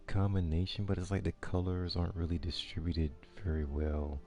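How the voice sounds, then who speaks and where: A man's voice: deep voice, little pitch movement, moderate pace, a little mellow, faint music behind. A man giving casual gameplay commentary, thinking aloud with hesitant ums and restarts as he weighs his options. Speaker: gaming video creator.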